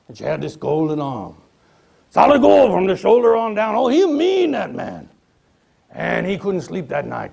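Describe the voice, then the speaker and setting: A man spins a ghost story in old-time folksy dialect, in the manner of a stage performance. His gravelly voice sits fairly high and roams widely in pitch, dropping to a hush before building toward near shouts. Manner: folksy dialect, dramatic pauses, hushed to loud. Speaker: storyteller performing as a 19th-century author.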